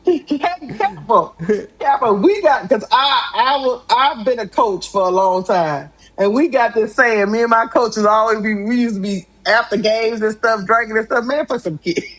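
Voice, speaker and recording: A middle-aged woman hosting a live sports talk stream, animated and exclamatory, laughing often. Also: fairly high pitch, measured pace, poor audio. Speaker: sports talk show host.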